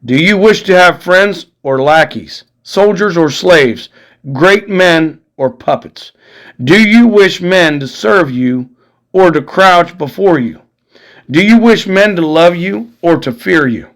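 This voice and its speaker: A man's voice: high-pitched, animated, takes it slowly, a bit bright, exaggerated voice, rough recording. A man voicing a defiant musketeer captain. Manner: grave, impassioned declamation.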